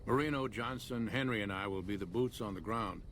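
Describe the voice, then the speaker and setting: An actor voicing a calm male squad leader in a video game, with music behind. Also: fairly low pitch, brisk, crowd noise, close to an everyday voice. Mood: matter-of-fact.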